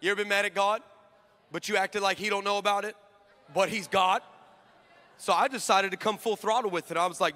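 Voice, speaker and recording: A young man preaching a sermon to a live audience, telling a story with animated swings between shouting and hushed asides. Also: sits high, fairly quick, pauses often. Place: large hall with live audience.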